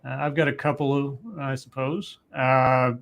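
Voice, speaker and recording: A man's voice: medium pitch, level tone, unhurried, vocal fry, a bit bright. A man hosting a casual podcast, joking wryly and reading out social media posts. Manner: wry, joking, reads out tweets. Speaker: podcast host. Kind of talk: casual chat.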